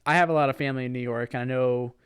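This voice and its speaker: A man's voice: mid-range voice, steady tone, very fast, fairly bright tone, smooth, no room sound, studio quality. A man in his twenties from Virginia with a Virginia accent, co-hosting a casual podcast chat in an easygoing way. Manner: easygoing, explains with many fillers. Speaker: podcast co-host.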